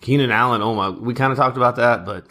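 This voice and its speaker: Man, thirties, podcast co-host, casual joking banter, rattles off stats, middle pitch. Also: quick pace, fairly bright tone. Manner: chatty, joking, reads out stats. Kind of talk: casual sports chat.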